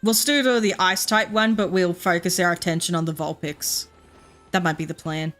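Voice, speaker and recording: Bright-voiced Australian woman streamer. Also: lowish voice, steady tone, faint music behind. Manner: rambling storyteller, laughs often, quick asides. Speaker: game streamer. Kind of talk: casual chat while playing.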